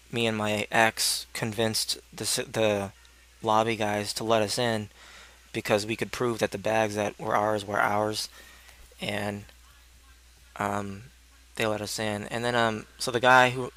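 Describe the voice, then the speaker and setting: A man's voice: on the low side, pushed and bright. A young man in a casual, rambling monologue, answering questions in a sardonic tone and swearing freely. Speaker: video blogger answering questions.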